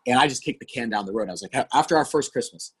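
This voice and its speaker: Man, 40s, pastor guest; husky, earnest, animated storyteller. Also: medium pitch, very fast. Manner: earnest, animated, acts out quoted dialogue. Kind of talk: candid conversational storytelling.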